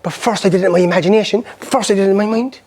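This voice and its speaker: A middle-aged Irish man giving a motivational seminar talk, telling personal stories in an animated way and acting out old conversations. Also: high-pitched. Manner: rapid, animated storytelling that acts out past conversations.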